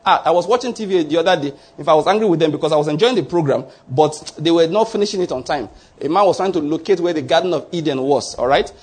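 Husky-voiced man preaching emphatically. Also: on the high side, a little mellow. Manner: emphatic, repeats key lines, asks the congregation questions. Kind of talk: sermon.

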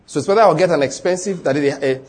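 A man's voice: fairly high pitch, rapid-fire, darkish tone, slightly rough. A man with a Nigerian accent preaching a sermon, emphatic and full of rhetorical questions, acting out the people in his story.

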